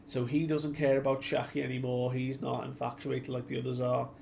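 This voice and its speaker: A man's voice: medium pitch, monotone, fairly quick, gravelly, darkish tone, a little hiss or hum. A man giving a casual, chatty recap of a comic chapter as a reviewer, slipping into the characters' lines as he retells them. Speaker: anime and manga reviewer.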